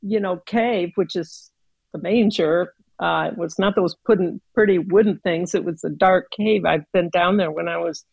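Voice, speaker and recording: A woman giving a reflective, earnest devotional talk in a conversational way, with pauses and fillers. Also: fairly low pitch, creaky, darkish tone, breathy edge, no room sound, low-quality recording. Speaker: speaker sharing a Christmas reflection.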